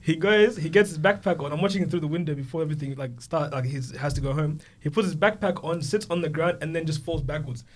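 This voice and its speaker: Lively young man telling funny stories. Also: a little high, fast, hardly any pauses. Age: 20s. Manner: animated storyteller, acts out voices of kids. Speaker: podcast co-host. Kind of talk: casual storytelling chat.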